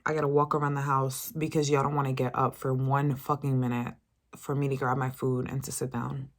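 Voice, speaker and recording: A young woman in her twenties telling a storytime rant, profane and animated, putting on higher voices for the people she quotes. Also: brisk. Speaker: vlogger.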